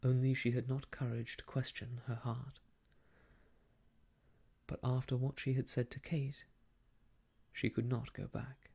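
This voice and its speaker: A man softly reading an old novel aloud for ASMR, hushed and slow, slipping into whispers, close to the mic. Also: mid-range voice, flat delivery, creaky, slightly rough. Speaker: storyteller.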